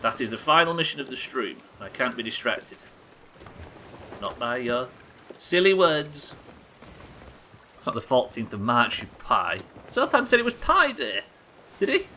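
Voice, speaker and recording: A man's voice: mid-range voice, sing-song, unhurried, long pauses, pushed and bright, slight background noise, poor audio. A young man streaming a game live, teasing his chat with sarcastic, sweary banter. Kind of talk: live gameplay commentary and chat reading.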